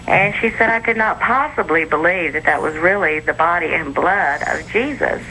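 Bright-voiced woman caller on a phone line. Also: lowish voice, normal speed. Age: 40s. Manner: earnest, recounting an argument. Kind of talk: telling her story on a call-in show. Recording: telephone line with faint noise.

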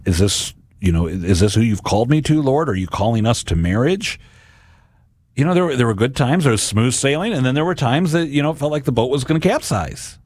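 A man in his forties giving an earnest devotional talk about scripture, often pausing and restarting his sentences. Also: on the low side, no room sound. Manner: earnest, halting, with many restarts. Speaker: Catholic speaker.

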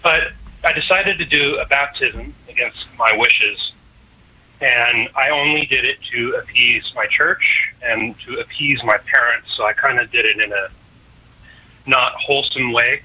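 Young male caller, rambling, jokey, sharp bright tone with a husky edge. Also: medium pitch, unhurried, poor audio. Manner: joking, rambling. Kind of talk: phone-in question.

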